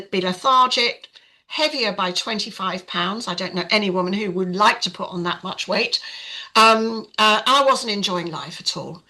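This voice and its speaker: Older woman, podcast guest, frank storyteller with a bright, forceful tone. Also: medium pitch, rough recording. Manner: frank, chatty, many fillers. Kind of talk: casual storytelling.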